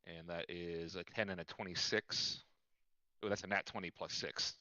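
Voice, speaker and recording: A man's voice: low voice, steady tone, normal speed, sharp tone, no echo. A man playing a tabletop game online, talking casually as he works through his dice rolls and rules questions. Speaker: player. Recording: slightly dull lo-fi audio.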